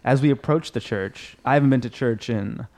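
A man's voice: mid-range voice, moderate pace. A man in his early thirties telling a funny story as a podcast guest in casual chat. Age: 30s. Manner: storytelling, animated, jokey.

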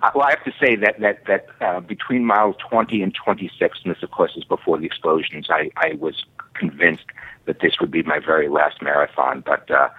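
A man in his fifties with a Boston accent, a guest calling in, talking in a halting way with many fillers and restarts. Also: sits low, breathy edge, no echo. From Boston area. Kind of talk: casual chat. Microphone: phone. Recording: tinny phone line.

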